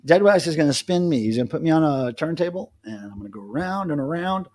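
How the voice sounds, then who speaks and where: A man's voice: on the high side, lively intonation, fast, a little mellow. A middle-aged man rambling and joking with viewers by name as he hosts a casual live stream from home, alone. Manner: rambling, self-amused, chats to commenters by name. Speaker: livestream host.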